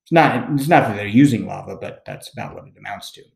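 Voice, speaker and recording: A man teaching a recorded lesson, explaining in a relaxed, conversational way and often checking in with "okay?". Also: lowish voice, fast talker, gravelly, echoey room. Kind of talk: recorded classroom lecture.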